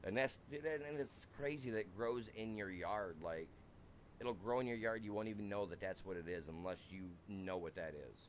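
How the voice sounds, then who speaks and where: Speaking at a normal speed with a fairly low pitch, this young American guy streams a farming game while telling a wild personal story, tossing in "dude" nonstop. Slight background noise can be heard.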